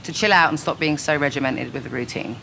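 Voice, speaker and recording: Woman, 30s, dry and candid interviewee, bright tone, faint hiss. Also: low-pitched, fast talker, creaky. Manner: frank, dry, laughs easily. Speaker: singer being interviewed. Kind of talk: casual quick-fire interview answers. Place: her home.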